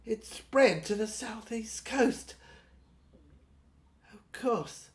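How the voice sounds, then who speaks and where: A woman reading a first-person audio novel in a dreamy, wandering, halting way. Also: a little high, lively intonation. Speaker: narrator.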